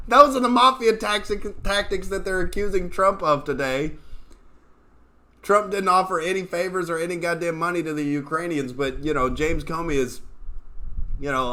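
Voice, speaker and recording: Man from Oklahoma, comic host, slightly high voice, bright and forceful, profane sarcastic rant. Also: unhurried, long pauses. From Oklahoma, USA. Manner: profane, sarcastic ranting, reads chat aloud. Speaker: comedian host. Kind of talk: political rant livestream.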